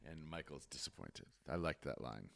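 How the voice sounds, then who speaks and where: A man's voice: a bass voice, lively intonation, moderate pace, vocal fry, fairly bright tone, no room sound, clean studio sound. A man in his fifties co-hosting a casual podcast, wry and easygoing, often trailing off into ums. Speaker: podcast co-host.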